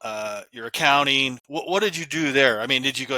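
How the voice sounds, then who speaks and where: A man's voice: mid-range voice, fairly quick, hardly any pauses, bright, forceful tone, no room sound. A man hosting a conversational business interview, joking and asking follow-up questions. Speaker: podcast host, interviewer.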